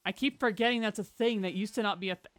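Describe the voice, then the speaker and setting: A live streamer chatting casually and playfully over gameplay, talking to viewers and a pet and breaking into loud exclamations. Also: medium pitch, fast talker, no room sound.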